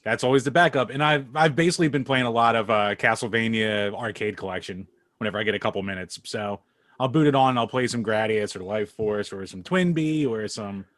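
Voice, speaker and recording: A man's voice: lowish voice, brisk, a bit bright, dry recording, studio quality. A man co-hosting a podcast in casual chat, joking wryly at his own expense. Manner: wry, self-deprecating joking. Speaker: podcast co-host.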